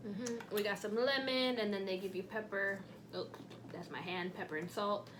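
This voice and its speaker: A woman hosting a mukbang, talking softly in a slangy, chatty way while she eats. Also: mid-range voice, fairly even intonation, normal speed, background noise. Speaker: mukbang host. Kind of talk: casual chat while eating.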